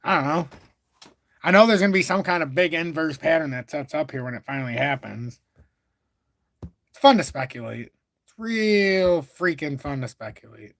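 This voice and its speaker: A man's voice: a little high, a little fast, gravelly, long pauses, a bit bright, no room sound. A man hosting a casual crypto livestream, talking through charts in a rambling, profane, self-correcting way.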